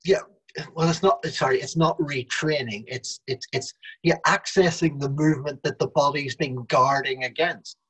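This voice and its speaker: A man's voice: mid-range voice, fairly even intonation, moderate pace, fairly bright tone, slightly rough, rough recording. A man in a casual podcast chat, mostly giving short agreeing replies. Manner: brief agreeing backchannels.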